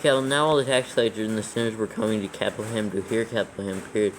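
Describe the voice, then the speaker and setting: A man's voice: fairly low pitch, fairly even intonation, racing, a little hiss or hum, poor audio. A man dictating scripture aloud for proofreading, steadily reading the text and naming every comma, capital and quote mark.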